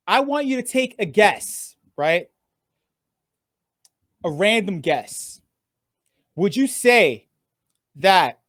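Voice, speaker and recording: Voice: mid-range voice, expressive, a little slow, no room sound, studio quality. A game show host running a live online contest, playful and teasing, swearing freely and stalling by drawing words out.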